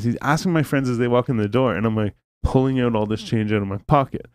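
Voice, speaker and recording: A man's voice: medium pitch, fast talker, clean tone, no echo. A man hosting a podcast, telling a story in casual, rambling chat, full of swearing and filler words. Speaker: podcast host. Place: podcast studio.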